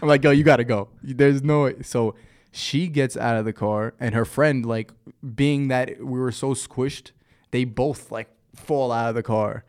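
The young man, a guest on a casual podcast, has a clean-toned, medium-pitched voice and an unhurried pace. He spins his story animatedly, laughing often and acting out the quotes.

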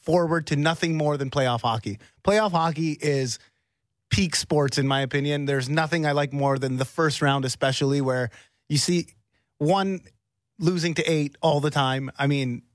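A man's voice: a little high, moderate pace, dry recording, studio quality. A man co-hosting a sports radio show, talking enthusiastically and stumbling over repeated words. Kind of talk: casual sports talk.

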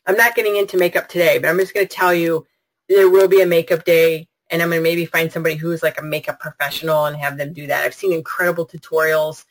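A woman's voice: low-pitched, steady tone, quick pace, poor audio. A woman hosting a live online product webinar, talking in a bubbly, gushing, chatty way and answering her viewers' comments. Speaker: webinar host.

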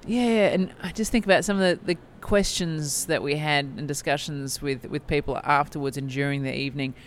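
A woman's voice: sits low, steady tone, brisk, a little hiss or hum. A woman co-hosting a podcast, chatting in a reflective, enthusiastic way with frequent restarts. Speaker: podcast co-host and speaker. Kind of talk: casual chat.

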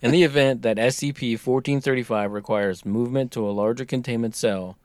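A man's voice: medium pitch, fairly quick, a little mellow, smooth, no room sound. A man chatting casually on a podcast, reading a document aloud and cracking wry jokes. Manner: joking, reads text aloud with wry asides.

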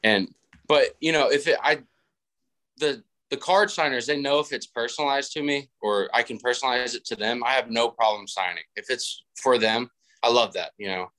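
A man in his twenties, the guest on a casual podcast, telling stories in a laid-back way and acting out quoted people in a higher voice. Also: moderate pace, pushed and bright. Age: 20s. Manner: laid-back storytelling, acts out quotes with raised pitch.

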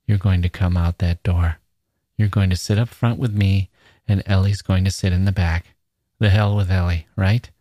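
A man reads the part of a smooth-talking stalker, coaxing with easy, casual slang in a low, menacing drawl. His voice sits deep and flat at normal speed. The recording is close and dry, with no room sound.

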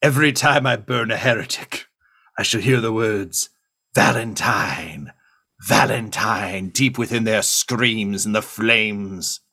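A man puts on a gleeful inquisitor who delights in burning heretics. The tabletop voice rises high and sing-song, stretching its words slowly and theatrically. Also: bright, forceful tone, heavily acted. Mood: gloating.

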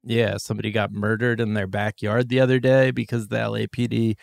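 A man hosting a podcast in casual chat, wry and swearing casually, with a gravelly voice. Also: lowish voice, flat delivery, a little fast, dry recording, studio quality. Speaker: podcast host.

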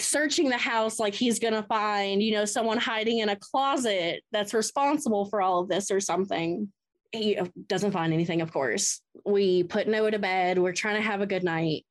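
A woman tells her own ghost story as a podcast guest, with a voice of middling pitch. She talks in an animated way and plays out her past words with feeling. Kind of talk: first-person ghost story told in an interview.

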